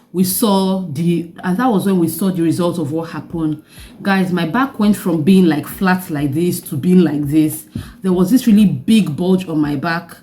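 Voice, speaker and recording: A young Nigerian woman with a Nigerian accent, telling a personal story in a vlog with animated delivery and laughing asides. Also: fairly low pitch. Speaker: vlogger.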